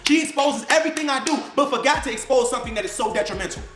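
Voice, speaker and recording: High-pitched guy ranting mad, swearing, lively, echoey room, faint music. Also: very fast. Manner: angry, indignant, swears. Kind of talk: heated video rant.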